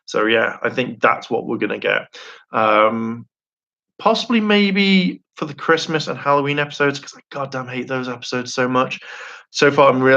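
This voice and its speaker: A man's voice: mid-range voice, bright, forceful tone, dull audio. A young man chatting casually on a live stream, rambling and enthusiastic, laughing often and acting out quotes.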